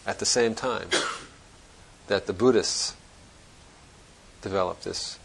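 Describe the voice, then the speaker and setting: Low gravelly-voiced man giving a dharma talk. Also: slow pace, slight background noise, rough recording. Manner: reflective, searching, conversational with restarts. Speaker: Zen teacher.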